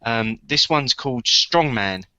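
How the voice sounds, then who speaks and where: A man's voice: mid-range voice, animated, measured pace, bright, forceful tone, no room sound, dull audio. A man co-hosting a casual podcast chat, talking hesitantly with many ums and repeated words. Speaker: podcast co-host.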